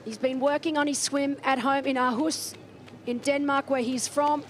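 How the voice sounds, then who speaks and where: A woman's voice: high-pitched, fairly even intonation, moderate pace, a little hiss or hum. A woman doing live race commentary from a commentary booth, chatty and enthusiastic.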